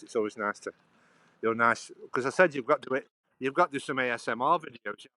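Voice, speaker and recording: A man's voice: mid-range voice, fairly quick, pauses often, sharp tone, slight background noise, low-quality recording. A man hosting a casual live walking stream outdoors by a canal, rambling and chatting to his viewers by name as he holds his phone. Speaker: livestream host.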